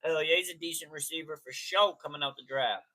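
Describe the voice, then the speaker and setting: Dude hosting a sports live stream, kinda high bright voice, slangy, shouts out chatters by name. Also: male voice, brisk. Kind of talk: casual live stream chat.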